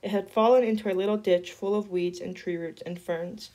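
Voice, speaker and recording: A woman reading a novel chapter aloud in a steady storytelling voice. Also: mid-range voice, fairly quick. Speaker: reader.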